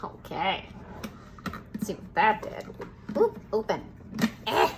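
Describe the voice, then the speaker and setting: A woman hosts her own baking show, chatting brightly and joking with the viewer as she measures and mixes. Her voice sits in an ordinary middle register. The kitchen recording carries clear background noise under everything she says. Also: medium pitch, big pitch swings, takes it slowly, pauses often. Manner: chatty and playful, talking to the viewer while working. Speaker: home baking show host. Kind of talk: casual cooking demonstration.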